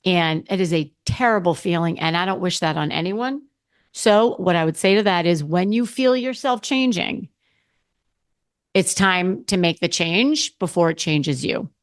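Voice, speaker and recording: A woman's voice: fairly low pitch, a little slow. A middle-aged woman hosting her own podcast, talking casually and candidly, often restarting and correcting herself. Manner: candid, rambling with frequent restarts and self-corrections. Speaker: podcast host. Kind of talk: casual solo podcast talk.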